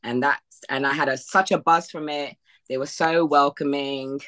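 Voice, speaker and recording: A woman's voice: low-pitched, fairly even intonation, moderate pace, a bit bright. A woman from the United Kingdom, a podcast guest, telling her story casually and acting out past conversations with lots of fillers. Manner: retells past conversations in quoted voices, with frequent fillers and laughs. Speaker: podcast guest, bodybuilding athlete.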